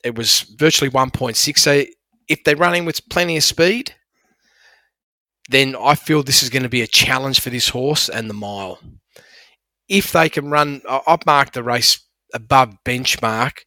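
A man's voice: medium pitch, moderate pace, bright, forceful tone, no echo. A man, breaking down horse racing form with enthusiastic, emphatic analysis. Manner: enthusiastic, emphatic about figures.

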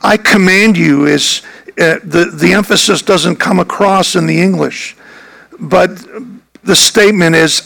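A man, a pastor, preaching a sermon earnestly and emphatically, with a gravelly voice. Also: high-pitched, a little slow, a bit bright, rough recording.

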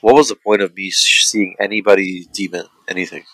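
A man in a casual chat about a film, talking in a rambling, profane, animated way. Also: low voice, brisk, no room sound, rough recording. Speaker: podcast co-host reviewing a film.

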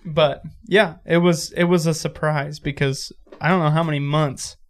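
A man with a somewhat high voice tells stories on a casual podcast. He is easygoing and swears freely as he talks. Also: fairly even intonation, moderate pace. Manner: easygoing, swearing, story-driven. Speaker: podcast co-host. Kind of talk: casual storytelling in podcast chat.

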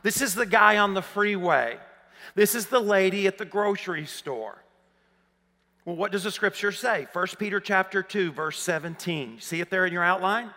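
A man in his fifties from Arkansas with a Southern accent, preaching a sermon, rising to emphatic questions and dropping low for personal stories. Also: normal speed, bright, forceful tone, long reverb tail. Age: 50s. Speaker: pastor. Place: large church hall.

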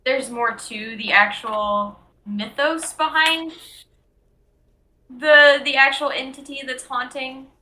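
Bright-voiced chatty woman. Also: high-pitched, slow. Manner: chatty, hedging with fillers like "like". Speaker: podcast co-host. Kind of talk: casual podcast chat.

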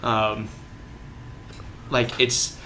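Bright-voiced young man chatting casually. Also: lowish voice, level tone, drawn-out words, slight background noise. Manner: loose, filler-heavy talk with quoted voices. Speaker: podcast co-host. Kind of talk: casual chat.

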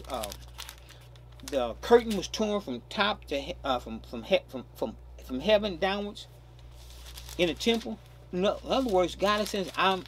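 Male pastor delivering a sermon with an animated, husky voice that leans hard on each key phrase. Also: high-pitched. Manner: emphatic, stretching key words, frequent repeats.

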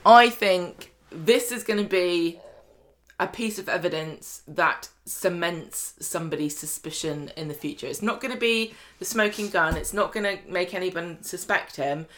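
In a lowish, fairly bright voice, she talks at an unhurried pace. The podcast co-host keeps things conversational, recounting soap opera moments and quoting the characters' voices.

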